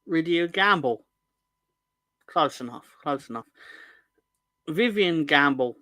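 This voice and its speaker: A man's voice: on the high side, expressive, slow pace, pushed and bright, no echo. A man hosting a football fan livestream in casual chat, rambling and joking, often correcting himself mid-sentence. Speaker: host of a football fan show.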